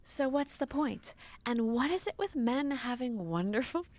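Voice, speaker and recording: A woman reading a novel aloud, voicing a flustered young woman caretaker who turns bossy and exasperated in shrill, rising outbursts. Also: sing-song, moderate pace, a little mellow.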